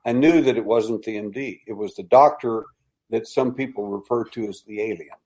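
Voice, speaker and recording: An older man, a guest on a podcast interview, telling a long story in a halting, hushed and dramatic way. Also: on the low side, husky, low-quality recording. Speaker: interview guest, abduction researcher.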